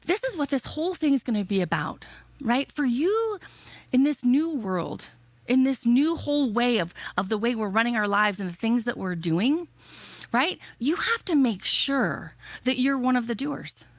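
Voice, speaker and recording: A woman giving a motivational keynote speech, energetic and emphatic, firing off rhetorical questions. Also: fairly high pitch, measured pace, no room sound. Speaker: keynote speaker.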